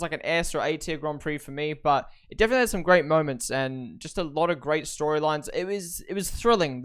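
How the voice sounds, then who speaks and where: Excitable young man with a smooth voice. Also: on the high side. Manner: excitable, swears often, bursts into shouting at the broadcast. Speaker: host reviewing races. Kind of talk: live watch-along reaction and review.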